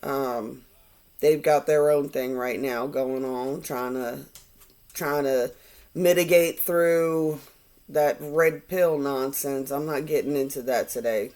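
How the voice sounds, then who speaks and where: A woman giving a casual tarot reading to viewers, animated and quick to mimic the people she quotes. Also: extremely low pitch. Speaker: tarot reader.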